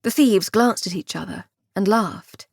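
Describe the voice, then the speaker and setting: A woman narrating an audiobook with expressive, wry comic storytelling. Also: medium pitch, a little slow, creaky, breathy edge, no echo, studio quality. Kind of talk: scripted narration.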